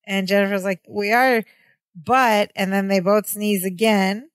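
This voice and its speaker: Woman, podcast co-host, mid pitch, chatty recap, dry close mic. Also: fairly even intonation, measured pace, no echo. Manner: chatty, plays out dialogue. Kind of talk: casual chat recapping a sitcom episode.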